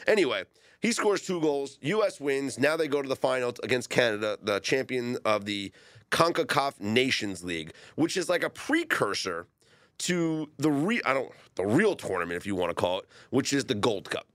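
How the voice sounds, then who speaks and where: A man's voice: mid-range voice, normal speed, no room sound, studio quality. A man hosting a sports betting talk show, chatting casually and animatedly with his co-hosts. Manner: animated, laughs often, rising excitement.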